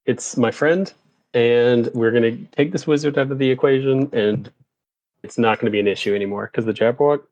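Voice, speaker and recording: A man playing a tabletop game, joking in a relaxed way. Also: mid-range voice, brisk, no room sound. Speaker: player. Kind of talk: casual tabletop play. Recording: dry, dull mic sound.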